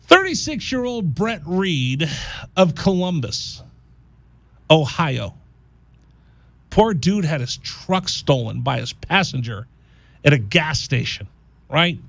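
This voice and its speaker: Lively high-voiced male radio host. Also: takes it slowly, vocal fry, pauses often, no echo. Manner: animated, jokey storyteller who slips into mock voices. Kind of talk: casual radio banter and storytelling. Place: college radio studio.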